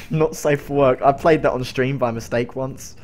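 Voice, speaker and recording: A man's voice: medium pitch, steady tone, a little slow, a little mellow, a little hiss or hum. A young man streaming a game, rambling and joking casually with a voice that sounds strained. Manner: rambling, joking, coughing between lines.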